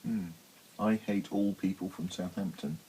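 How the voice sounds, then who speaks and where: A young man co-hosting a casual chat, throwing in dry deadpan jokes. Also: deep voice, a little slow, slight background noise, poor audio. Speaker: co-host.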